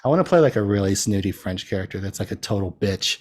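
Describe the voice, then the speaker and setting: A man's voice: on the low side, lively intonation, quick pace, darkish tone. A man as a podcast guest, chatting casually in a rambling way and laughing often at himself. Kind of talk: casual chat.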